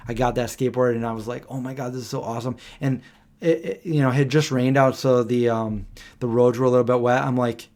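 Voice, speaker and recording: A man chatting on a late-night live stream from home, his voice at an ordinary middle pitch. He rambles along, trails off while hunting for names, and now and then hums a little tune to himself. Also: steady tone, brisk, darkish tone. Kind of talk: casual chat. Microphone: desk microphone.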